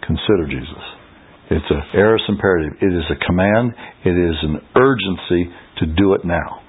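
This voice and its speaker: A man's voice: low voice, moderate pace, slightly rough. A man giving an expository Bible teaching, earnestly explaining Greek terms and rising to emphatic peaks. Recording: tinny phone-like radio broadcast.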